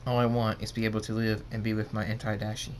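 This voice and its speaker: A man voicing a reformed male pony villain in a fan story, quiet and pleading. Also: fairly low pitch, completely flat delivery, fast, a little hiss or hum, natural voice.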